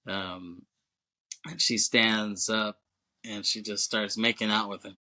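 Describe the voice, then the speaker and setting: A man's voice: on the low side, fairly even intonation, slow, bright, forceful tone, poor audio. A male podcast co-host recapping a movie in loose, casual chat, full of fillers, swearing and chuckles.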